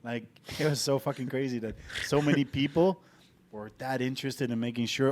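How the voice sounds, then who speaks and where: A man's voice: medium pitch, moderate pace, a little hiss or hum. A man co-hosting a podcast in casual chat, telling travel stories with swearing and jokes. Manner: profane, joking, animated storytelling. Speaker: podcast co-host. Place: abroad, living in Tallinn.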